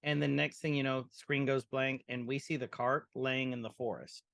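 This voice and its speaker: A man in a mid-range voice walks through an episode beat by beat on a casual podcast. He keeps pausing to act out what characters said. The sound is close and dry, with no room echo. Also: medium pitch, steady tone, gravelly, a bit bright. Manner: scene-by-scene retelling, quoting characters. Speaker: podcast co-host. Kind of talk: casual chat recapping a show.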